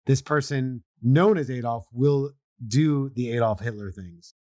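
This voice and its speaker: A man's voice: mid-range voice, unhurried, dry recording. A man co-hosting a podcast, casually recapping a TV episode and acting out characters' lines as he tells it. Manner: animated storyteller, acts out lines in put-on voices. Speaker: podcast co-host.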